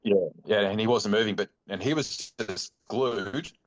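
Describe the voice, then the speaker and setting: Low-voiced Australian man spinning a yarn. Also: normal speed. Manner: rambling, animated anecdote telling with many fillers. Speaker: guest, bowhunting club chairman. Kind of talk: casual storytelling chat.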